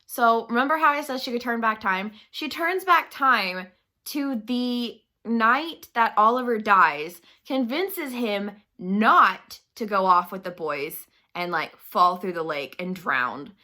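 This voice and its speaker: A woman's voice: fairly high pitch, animated, slow pace, sharp tone. A young woman giving a casual book-review rant on her vlog, chatty, swearing freely and saying "like" constantly.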